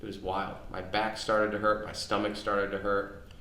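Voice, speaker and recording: A man in his thirties, a podcast co-host, tells long family stories in a low voice, doubling back and restarting as he talks. The recording is echoey, with faint ambient noise underneath. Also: level tone, normal speed, sharp tone. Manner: rambling anecdotes with many restarts. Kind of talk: casual storytelling chat. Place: on location near his home.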